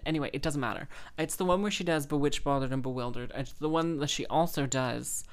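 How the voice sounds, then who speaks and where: A woman's voice: rumbling low, brisk, few pauses. A young woman hosting a podcast, chatting casually in a rambling, self-interrupting way and laughing often. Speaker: podcast host and freelance musician.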